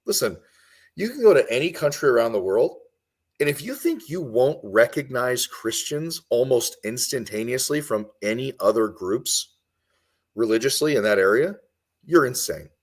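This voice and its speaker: Husky, emphatic man on a podcast. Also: mid-range voice, lively intonation, moderate pace. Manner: emphatic, repeats points for stress. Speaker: guest commentator. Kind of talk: impassioned podcast discussion.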